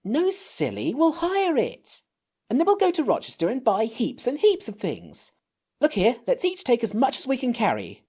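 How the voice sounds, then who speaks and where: A man's voice: very high voice, huge pitch swings, normal speed, mellow, breathy edge, voice pushed up, exaggerated voice. A man playing a bossy, impatient boy. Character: bossy practical boy, eldest brother.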